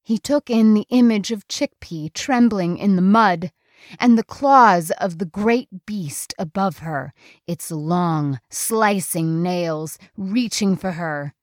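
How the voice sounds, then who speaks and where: Slow, dramatic woman storyteller. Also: medium pitch, no room sound, clean studio sound. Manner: slow, dramatic, suspenseful reading. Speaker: narrator. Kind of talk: storybook narration.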